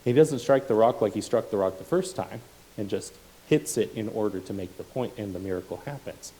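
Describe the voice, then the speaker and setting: A man's voice: on the low side, fairly quick, warm tone, rough recording. A man preaching a sermon, reading scripture and explaining it with casual asides and self-corrections.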